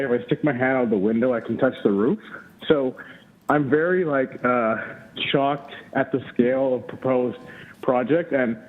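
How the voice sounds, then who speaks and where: A man speaking at a public hearing, slightly out of breath, earnest and halting with many fillers. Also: medium pitch. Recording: tinny phone line.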